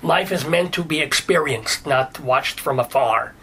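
Guy doing a joking rabbi talk host, high bright husky voice, deadpan and stammery. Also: unhurried, slight background noise. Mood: wrapping up. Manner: deadpan, jokey and flirty, stammering restarts. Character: joking middle-aged male rabbi talk-show host. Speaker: interviewer.

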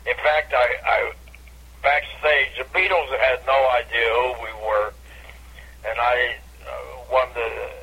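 An older man, a comedian, telling animated stories from his career in a casual radio interview over a phone line. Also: slow pace, a little hiss or hum. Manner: animated anecdote teller, bursts into high catchphrase. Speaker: comedian guest.

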